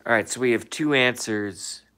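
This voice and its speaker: A man with a mid-range voice hosts a casual stream from his room, reading out viewer comments and responding with swearing and emphatic rhetorical questions. He talks at a moderate pace, sounding pushed and bright with a clean tone.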